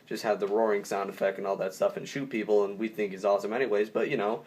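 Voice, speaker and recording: A man's voice: fairly low pitch, flat delivery, fast talker, a little mellow. A young man giving a casual spoken movie review, enthusiastic and rambling, often stopping to restart a sentence.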